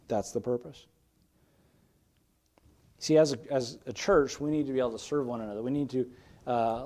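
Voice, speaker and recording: Earnest male pastor preaching a sermon. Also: mid-range voice. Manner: earnest and conversational, swinging from emphatic bursts to quiet asides. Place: church sanctuary.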